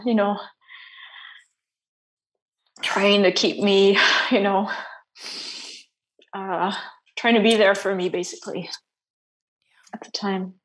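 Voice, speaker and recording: A young adult woman, an interview guest, speaks in a soft, halting way. Her voice sits at a middling pitch, and she restarts her sentences often and leans on fillers. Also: steady tone. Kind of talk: personal interview.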